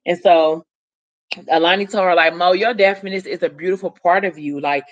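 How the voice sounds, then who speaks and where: A vlogger speaking straight to viewers, retelling a story in a loose, chatty way. The talk wanders, with fillers and side comments along the way. The voice sits at an ordinary middle pitch. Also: fairly even intonation, moderate pace, lo-fi sound. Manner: rambling, loose retelling with many fillers and asides. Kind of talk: casual story recap to viewers.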